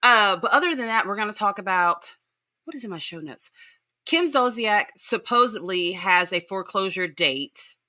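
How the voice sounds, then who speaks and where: A woman talking in a casual, animated podcast chat about celebrity gossip. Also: mid-range voice, moderate pace. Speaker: podcast guest host.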